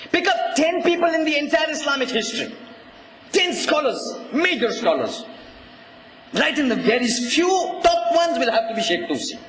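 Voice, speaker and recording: High-voiced emphatic preacher man. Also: a little hiss or hum. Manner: emphatic, often rising to a shout, asks the audience questions. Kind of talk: religious lecture. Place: lecture hall. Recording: echoey hall recording with faint ambience.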